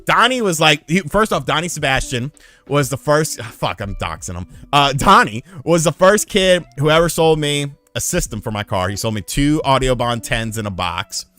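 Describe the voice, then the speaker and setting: Pushed and bright, his fairly high voice has lively intonation and a moderate pace. The streamer, a man in his thirties, rambles through profane stories on a casual livestream and thanks new members as they arrive.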